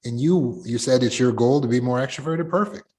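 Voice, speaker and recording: A middle-aged man coaches a support group over a video call, walking through examples with animated energy. His voice is mid-range and his pace brisk.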